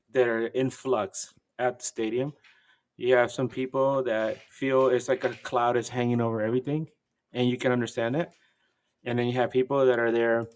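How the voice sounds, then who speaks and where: A man co-hosting a podcast, telling match-day stories in casual chat and acting out other people's lines in a high voice. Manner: animated storyteller, acts out quotes in a high voice. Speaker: podcast co-host.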